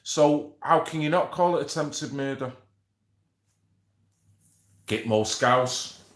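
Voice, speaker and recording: A man's voice: fairly high pitch, moderate pace, reverberant. A man hosting a casual livestream, bantering with viewers, swearing and reading out names from the chat. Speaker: livestream host.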